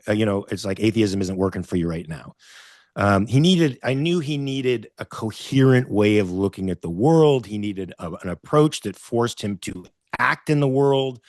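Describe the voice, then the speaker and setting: A low-voiced man hosts a casual conversation, recorded dry and close. He talks in a relaxed, reflective way, pausing and filling gaps as he thinks. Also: no room sound. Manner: relaxed, reflective, hesitant with fillers. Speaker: host. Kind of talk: casual chat.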